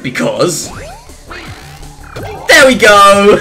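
An excitable let's-play gamer talks through a platform game in an unhurried way, the pitch leaping all over the place. Exclamations and giggles break into rambling, jokey asides. Faint game music sits behind the voice. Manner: excitable, exclaims and laughs often. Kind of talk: casual gameplay commentary.

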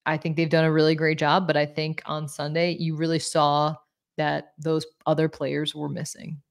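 Low gravelly-voiced woman sports co-host. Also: completely flat delivery, moderate pace. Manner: chatty, self-deprecating, many fillers. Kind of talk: casual sports talk.

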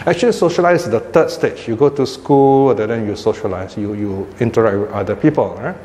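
A man's voice: fairly low pitch, fairly quick, dark tone. Older man, Buddhist teacher, chatty informal talk, long hall reverb, faint room noise. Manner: conversational, frequent "you know" and "right?" tags.

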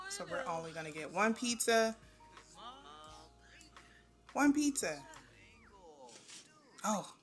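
Animated woman narrating gameplay, music behind. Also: sits low. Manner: animated, talks to the game characters, exasperated asides. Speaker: gameplay video host. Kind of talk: casual gameplay commentary. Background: faint background music.

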